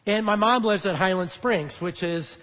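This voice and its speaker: A pastor with a high voice gives a sermon in a loose, conversational way, pausing often on fillers. His voice carries a long reverb in a church auditorium. The sound is a bit muffled. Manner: conversational storytelling with frequent fillers. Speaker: lead pastor. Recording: dull echoey church hall.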